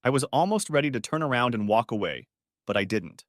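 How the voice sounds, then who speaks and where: Guy reading an emotional first-person story, pitch moves around a lot, dry close mic. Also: animated, brisk, no room sound. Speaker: narrator.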